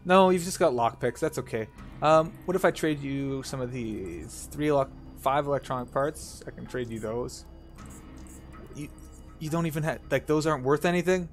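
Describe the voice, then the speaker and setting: A man's voice: medium pitch, moderate pace, soft background music. A Canadian man hosting a let's play, chatty and self-mocking as he plays.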